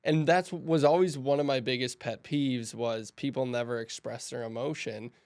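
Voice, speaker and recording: A man hosting a podcast in casual conversation, animated and rambling, often acting out what others said. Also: mid-range voice, moderate pace. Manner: animated, acts out quoted voices, rambling. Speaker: podcast host.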